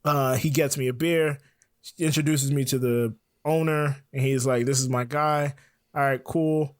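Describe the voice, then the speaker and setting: Relaxed man from Florida spinning a yarn. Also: mid-range voice, measured pace, dry recording, clean studio sound. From Florida, USA. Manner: laid-back, laughs often, acts out dialogue. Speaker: podcast guest. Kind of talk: casual storytelling.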